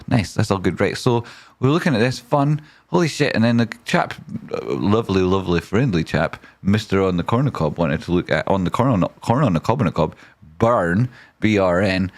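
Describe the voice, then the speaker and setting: A man hosting a live trading stream, reading viewer messages aloud with excitable swearing and silly wordplay. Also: lowish voice. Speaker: trading livestream host.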